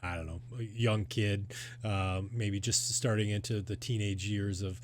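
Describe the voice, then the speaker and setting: A man's voice: on the low side, fairly even intonation, unhurried, slight background noise. A man narrating as game master, loose and hesitant, with lots of fillers.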